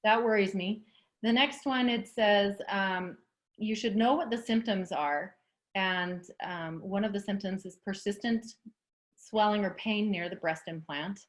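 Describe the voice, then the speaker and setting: A woman's voice: medium pitch, measured pace. A woman interviewing a guest, reading out information and responding supportively. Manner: supportive, reads out information, agrees often. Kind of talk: conversational interview.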